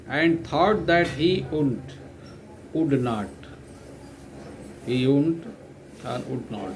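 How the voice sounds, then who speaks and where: An Indian-accented man teaching an English lesson at a very unhurried, dictation-like pace, repeating phrases so students can write them down. His voice sits somewhat high for a man, and he stops to spell words letter by letter and gloss them. A faint room ambience hums under him. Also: slight background noise. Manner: repeats phrases slowly for note-taking. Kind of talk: slow classroom lecture retelling a story.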